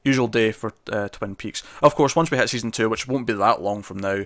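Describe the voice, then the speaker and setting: A man's voice: fairly low pitch, a little fast, a bit bright, no echo, clean studio sound. A Scottish man co-hosting a TV review show, chatting casually and rambling, laughing often.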